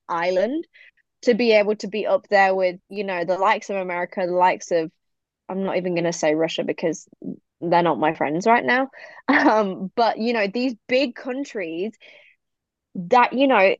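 A lively British woman talks eagerly as a guest, her words spilling out with fillers and easy laughs. She speaks at a middling pitch for a woman. The recording is dull and dry, with no room around her. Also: dry recording. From United Kingdom. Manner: enthusiastic and chatty, many fillers and laughs. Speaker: podcast guest, business owner. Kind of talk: casual interview chat.

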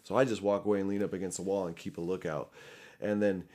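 A man's voice: low-pitched, little pitch movement, quick pace, darkish tone. A young man telling a story casually and animatedly, full of fillers, restarts and swearing. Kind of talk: casual anecdote.

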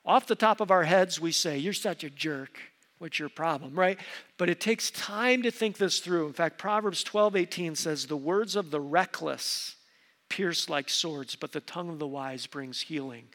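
A middle-aged male pastor preaches in an earnest, emphatic way, often repeating a word as he presses his point. His voice sits a bit high for a man. The sound rings out with the long reverb of a church sanctuary. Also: normal speed, fairly bright tone. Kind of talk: sermon.

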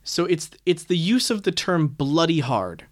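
A man's voice: on the high side, big pitch swings, measured pace. A man co-hosting a casual book-discussion chat, talking in a thoughtful, self-questioning way. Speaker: podcast co-host.

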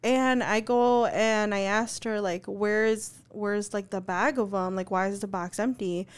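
Chatty young woman with a smooth voice. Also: mid-range voice, steady tone, unhurried. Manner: chatty, full of "like" fillers, swears freely. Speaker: podcast co-host. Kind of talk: casual podcast storytelling.

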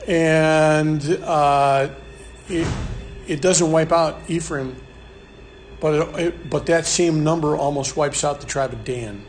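A man's voice: fairly high pitch, steady tone, takes it slowly. A man leading a live Bible study in a conversational way, often repeating words and restarting, with a light hiss behind. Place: room with a live group.

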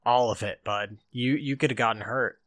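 A man's voice: mid-range voice, steady tone, normal speed, a bit bright, no room sound, close to an everyday voice. A man doing an earnest, loyal henchman. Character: loyal worried male servant fighter.

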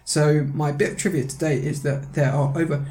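A man's voice: on the high side, little pitch movement, a little fast, darkish tone, slight background noise. A man hosting a casual podcast, chatty and teasing, correcting his co-host as they talk. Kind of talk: casual chat.

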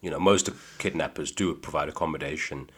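A man guesting on a podcast, telling dry, deadpan comic stories in a casual chat. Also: extremely low pitch, fairly quick, slightly rough. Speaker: comedian guest.

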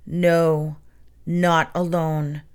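A woman's voice: low-pitched, level tone, drawn-out words, clean tone. A woman voicing a giant sly hungry spider in a silky, hissing, sinister voice for a storybook. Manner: sinister, wicked chuckling.

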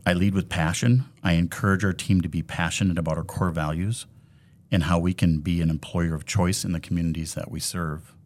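Deep-voiced Minnesotan man, earnest. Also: fairly even intonation, brisk, a little mellow. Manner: earnest, upbeat, talks in leadership phrases. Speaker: credit union CEO, podcast guest. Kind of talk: casual interview.

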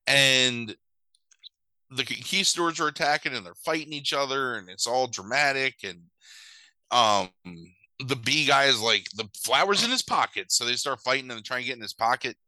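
A man's voice: medium pitch, moderate pace, sharp tone, no echo, poor audio. A man casually retelling a movie plot, swearing and acting out the characters' lines in mock voices. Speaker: podcast host recapping a movie. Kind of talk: casual chat.

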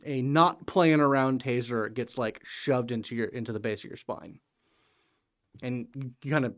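Halting male game master, smooth voice. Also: mid-range voice. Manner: halting, full of fillers. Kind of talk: narrating a tabletop game.

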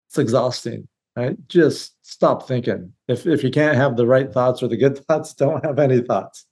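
A man's voice: medium pitch, moderate pace, a little mellow. A man who is a guest on a podcast interview, speaking bluntly and with energy, often restarting his phrases. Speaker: guest, real estate business leader. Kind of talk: casual interview conversation.

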